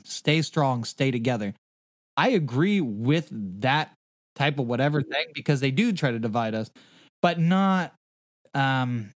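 A man's voice: medium pitch, no room sound, clean studio sound. A man hosting a podcast in casual chat, rambling and swearing freely. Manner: rambling, heavy swearing, fillers. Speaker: podcast host.

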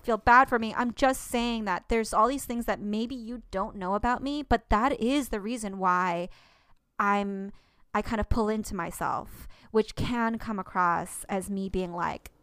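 A woman's voice: medium pitch, unhurried, a bit bright, clear, resonant tone, no room sound. A woman in her thirties co-hosting a podcast, talking earnestly and at length with many restarts. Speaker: podcast co-host. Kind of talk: casual podcast chat.

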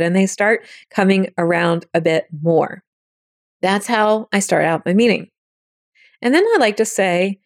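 A woman's voice: mid-range voice, a little slow, no echo. Chatty woman, dry close sound. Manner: chatty, acts out quoted thoughts in little voices. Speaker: podcast host. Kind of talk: casual spiritual teaching talk.

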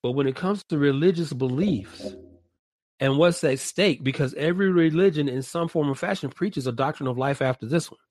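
A man leading a reflective podcast discussion, speaking deliberately and restating his points in several ways. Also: a little high, a little mellow.

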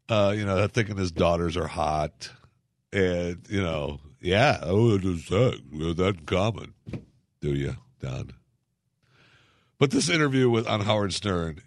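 A man's voice: fairly low pitch, a bit bright, no echo, clean studio sound. A man hosting a radio segment, riffing in a sarcastic, mocking way and rambling with lots of fillers. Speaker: radio host. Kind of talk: casual solo commentary.

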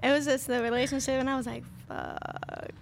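A woman's voice: sits high, little pitch movement, rapid-fire, over a noisy crowd. A young woman answering as a guest in a casual podcast interview, laid-back and slangy, swearing freely. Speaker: guest, rapper.

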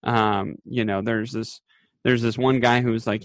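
A man's voice: mid-range voice, level tone, unhurried, no room sound. A man in casual podcast chat, recapping a TV episode in a rambling way, with lots of fillers and quoted lines acted out. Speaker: podcast co-host.

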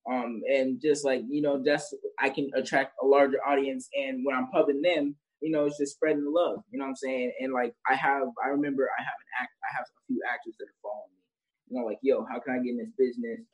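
Husky young man, laughing casual guest. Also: mid-range voice, fairly even intonation, fast talker, poor audio. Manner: laughs often, rambling with restarts and fillers. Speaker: guest, social media creator. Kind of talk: casual interview chat.

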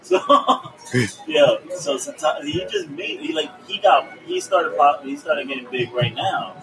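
A man's voice: fairly high pitch, big pitch swings, unhurried, vocal fry. A man co-hosting a casual chat, talking in a slangy, profane storytelling way. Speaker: podcast co-host. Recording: distant mic with room noise.

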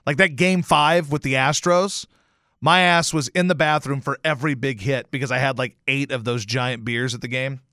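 A man's voice: mid-range voice, normal speed, no room sound, clean studio sound. A man hosting a podcast, ranting in a casual, profane, sarcastic way and telling stories. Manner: animated, profane, sarcastic storytelling. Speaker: podcast host. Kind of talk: casual rant.

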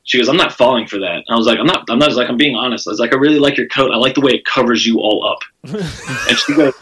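A man with a bright, forceful voice tells a rowdy story from his stand-up gigs, swearing freely. He jumps into other people's lines, pushing his voice up and louder to act them out, and keeps a loose chatty rhythm full of fillers. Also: medium pitch, racing, slightly rough, low-quality recording. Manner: animated, profane, acts out quotes with raised voice. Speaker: comedian telling a story. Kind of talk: casual storytelling on a podcast.

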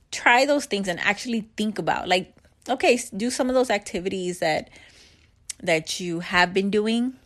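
A woman's voice: medium pitch, fairly bright tone. A middle-aged woman giving life advice in a candid, chatty vlog, with frequent laughs and slangy asides. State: upbeat after a bike ride. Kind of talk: casual motivational chat.

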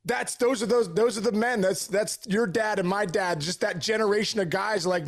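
A man's voice: high-pitched, brisk, few pauses. A man in his forties, a former baseball player appearing as a podcast guest, who talks earnestly and keeps stammering and restarting his sentences. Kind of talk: casual interview chat.

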